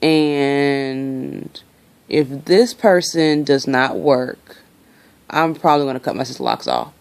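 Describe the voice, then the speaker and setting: A woman's voice: very deep voice, takes it slowly, darkish tone, clear, resonant tone. A young woman venting her frustration in a casual vlog, talking freely and swearing. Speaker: vlogger.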